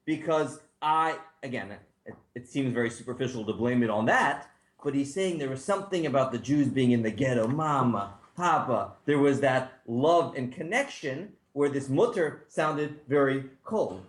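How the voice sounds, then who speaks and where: A man, a rabbi, teaching a class in a relaxed, conversational way with frequent asides. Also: medium pitch, moderate pace. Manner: conversational, thinks aloud, many asides. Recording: echoey room.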